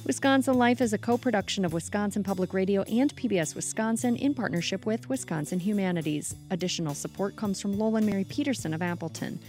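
A woman host and producer introducing and closing a public radio segment in a measured announcing style. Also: medium pitch, darkish tone, soft background music.

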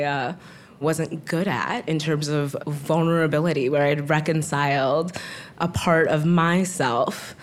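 A woman in her thirties from Wisconsin, telling a personal story live at an open mic in a chatty way and laughing often between phrases. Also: fairly low pitch.

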